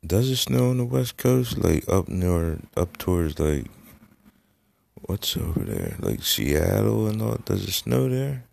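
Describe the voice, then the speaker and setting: A middle-aged man rambles through a solo podcast with a very deep, gravelly voice. He talks slowly, swears a lot and trails off into fillers. The sound is dry and close. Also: big pitch swings, darkish tone, no room sound. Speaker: podcast host. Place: Florida.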